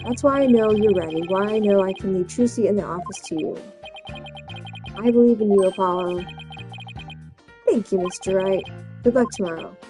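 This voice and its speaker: Woman reading Phoenix Wright, calm mentor. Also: mid-range voice, normal speed, long pauses, soft background music, natural voice. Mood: reassuring. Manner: steady, reassuring. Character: calm, fatherly male lawyer mentor.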